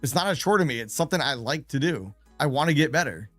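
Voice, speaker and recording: A man's voice: fairly high pitch, animated, fast talker, a bit bright, dry recording, faint music behind. A man telling stories casually on a live trading stream, chatty, laughing between anecdotes and repeating phrases for emphasis. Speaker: day trader and live streamer.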